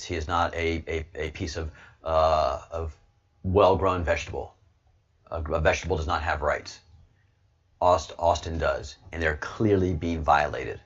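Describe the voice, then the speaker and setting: Low-voiced guy ranting on his show, keeps repeating himself, dull lo-fi audio. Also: slightly rough. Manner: emphatic, repeats words while pushing a point. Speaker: host of an online video show. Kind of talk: heated political commentary.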